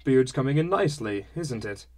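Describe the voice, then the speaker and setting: A man voicing a hearty, showy middle-aged merchant father who talks with booming, forced cheer. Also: expressive, normal speed, a little mellow, natural voice. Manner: booming, jovial, with fake cheer. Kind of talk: audiobook character voice.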